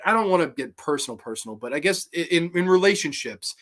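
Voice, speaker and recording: Male vlogger, somewhat high voice, heartfelt rambling movie talk with restarts and swearing. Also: quick pace, few pauses, fairly bright tone. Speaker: movie review channel host. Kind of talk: casual spoken movie commentary.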